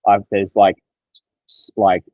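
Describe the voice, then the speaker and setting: A young Australian man co-hosting a podcast, chatting casually and excitably, with plenty of swearing. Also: fairly low pitch, slow, no room sound, dull audio. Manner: excitable, sweary, loose storytelling. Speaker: podcast co-host. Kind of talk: casual chat.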